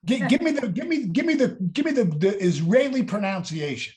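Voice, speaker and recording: A man hosting a casual interview over a video call, enthusiastic and laughing often, stumbling into quick restarts. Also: sits high, lively intonation, darkish tone. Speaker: host.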